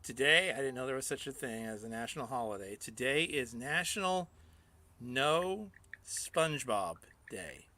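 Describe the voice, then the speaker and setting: A man's voice: mid-range voice, normal speed. A man hosting a casual radio show, joking with his co-host and reading out the day's national holidays. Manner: jokey, animated, reads out national days. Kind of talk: casual on-air banter.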